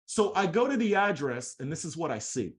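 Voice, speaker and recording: A young man giving a motivational training talk as an MLM trainer, telling a personal story in a slangy, animated way and acting out the dialogue. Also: a little high, brisk.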